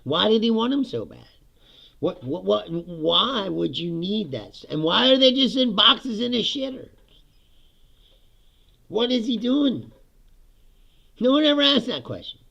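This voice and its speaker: Gravelly, animated man ranting. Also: high voice, a little slow, long pauses, lo-fi sound. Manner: profane, laughs often, animated. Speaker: podcast host. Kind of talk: casual political rant. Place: home basement studio.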